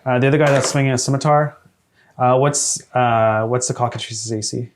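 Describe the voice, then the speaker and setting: A man running a tabletop game as game master, hesitant with many fillers and quick to laugh. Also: mid-range voice, steady tone, slight background noise.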